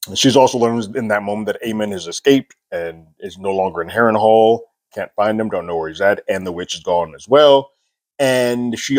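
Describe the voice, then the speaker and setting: A man casually recapping a TV episode, chatty and amused, paraphrasing scenes with frequent fillers. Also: on the low side. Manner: amused, laughing between points. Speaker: TV show recap host.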